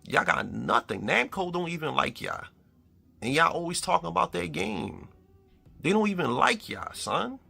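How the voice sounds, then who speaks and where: Gravelly trash-talking Bronx streamer. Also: male voice, a little high, big pitch swings, normal speed, sharp tone. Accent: Bronx New York. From the Bronx, New York. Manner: confrontational, trash-talking, repetitive jabs. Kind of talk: angry rant to the camera.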